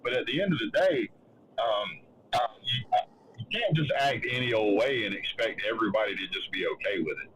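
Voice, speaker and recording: A man's voice: fairly low pitch, a bit bright, a little hiss or hum, rough recording. A man hosting a casual talk show, telling a story with many restarts and acting out what others said. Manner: halting, restarts often, acts out others' lines. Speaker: show host.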